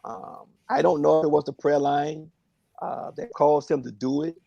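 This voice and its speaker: A man speaking earnestly and reflectively on a phone prayer line, in a halting way with many fillers. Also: fairly high pitch, steady tone, creaky, mellow, breathy edge, no echo, muffled recording.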